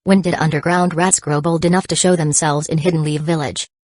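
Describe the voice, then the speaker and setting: A woman's voice: deep voice, fairly even intonation, brisk, a little mellow, no room sound, clean studio sound. A woman voicing a guarded, scornful young male ninja, cold and cutting.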